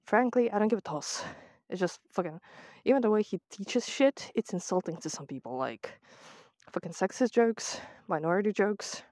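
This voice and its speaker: A woman's voice: medium pitch, lively intonation, moderate pace, a little mellow, no echo. A woman with a British accent, ranting sarcastically with heavy swearing in a casual voice memo recorded on a phone while walking outdoors. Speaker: vlogger. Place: outdoors on a walk to the seaside.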